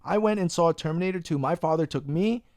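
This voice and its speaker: In a dry, close recording, a man from Long Island, New York hosts a casual podcast chat with a slightly high voice and quick pace. He rants animatedly, swearing and dropping "bro" constantly.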